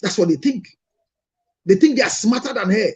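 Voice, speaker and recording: A man's voice: sits high, expressive, moderate pace, a little mellow, slightly rough. A Ghanaian man, a marriage counselor, telling stories to an audience and scolding with rhetorical questions. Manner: scolding, rhetorical questions, mixes in Twi phrases. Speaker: marriage counselor and show host. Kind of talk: lively storytelling talk to an audience.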